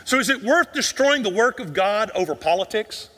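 A man preaches to his congregation in a high, ringing voice. He leans on rhetorical questions and drops nearly to a whisper to press a point home. His voice carries through the long echo of a large church sanctuary. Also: expressive, moderate pace, sharp tone. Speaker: pastor. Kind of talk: sermon.

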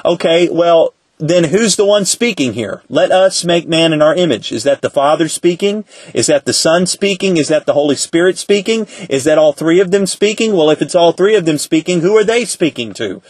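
A man teaching a Bible study lesson in a conversational way, asking rhetorical questions and slowing down to quote scripture. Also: on the high side, lively intonation, dry recording.

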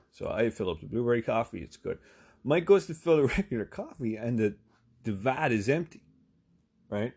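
A man's voice: fairly low pitch, animated, moderate pace, darkish tone, slightly rough. A man telling a long casual anecdote, rambling and swearing with lots of fillers. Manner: rambling, profane, full of fillers. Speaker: storyteller.

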